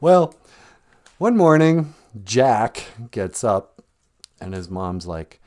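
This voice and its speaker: A man's voice: mid-range voice, very animated, very slow, pauses often, darkish tone. Jokey, folksy male storyteller. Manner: jokey, laughs often, folksy. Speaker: podcast host and storyteller. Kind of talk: casual livestream storytelling.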